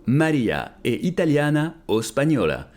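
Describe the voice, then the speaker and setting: A man narrating a casual language lesson, repeating phrases slowly after an app. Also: a little high, very animated, darkish tone. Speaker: language learner vlogger. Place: Canada.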